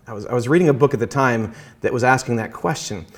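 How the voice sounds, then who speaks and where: An earnest man explains his Christian faith in a conversation. He talks in a measured way, often pausing and restarting, and draws out key phrases to stress them. He quotes scripture as he goes. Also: mid-range voice. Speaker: Christian guest speaker.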